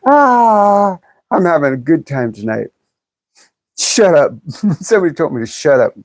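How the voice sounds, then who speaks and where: A woman's voice: low-pitched, big pitch swings, measured pace, darkish tone, no room sound. A woman in her fifties chatting bluntly and jokingly on a livestream, reading viewer comments aloud and laughing often. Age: 50s. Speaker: livestream host. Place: in California.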